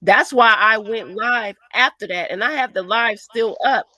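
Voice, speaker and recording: Bright-voiced woman venting in heated chat. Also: fairly high pitch, a little slow, dry recording. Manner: animated, swearing, quotes others in put-on voices. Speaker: co-host. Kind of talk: heated casual commentary.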